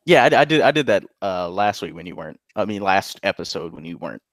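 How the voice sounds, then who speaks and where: A man's voice: sits low, very animated, quick pace, dry recording. A young man co-hosting a casual podcast over a call, playful and often laughing. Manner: giggly, playful. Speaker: podcast co-host. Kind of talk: casual chat.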